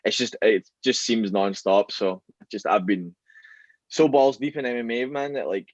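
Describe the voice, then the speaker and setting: A man's voice: lowish voice, normal speed, no echo, muffled recording. A man with a Glaswegian Scottish accent chatting casually as a podcast guest, rambling with lots of fillers and restarts. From Scotland. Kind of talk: casual chat.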